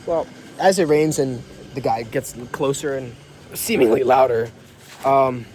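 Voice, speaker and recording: A man's voice: mid-range voice, a little slow, a little mellow, slight background noise. A young man telling a story in a casual vlog, slangy and full of fillers, acting out dialogue in different tones, recorded outdoors. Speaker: vlogger. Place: outdoors, rain and a passing vehicle.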